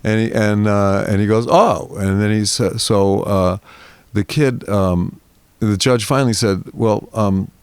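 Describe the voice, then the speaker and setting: An older man in his seventies, a guest in an interview, telling a long story in a rambling, animated way and acting out the voices of people in it. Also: fairly low pitch, measured pace, smooth, no echo. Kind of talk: storytelling in a conversation.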